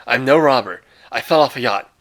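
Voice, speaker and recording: A man reading a short story aloud, voicing a stranded, anxious young hunter who talks earnestly and louder than his narration. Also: medium pitch, a little fast, creaky. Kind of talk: read-aloud character voice.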